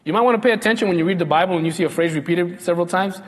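Man preaching in a reverberant hall. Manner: slows down and drops low when quoting God. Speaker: pastor. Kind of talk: sermon.

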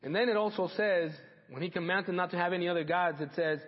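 A man's voice: high-pitched, quick pace, few pauses, long reverb tail, muffled recording. A man preaching a sermon, emphatic, repeating key phrases for weight. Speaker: pastor.

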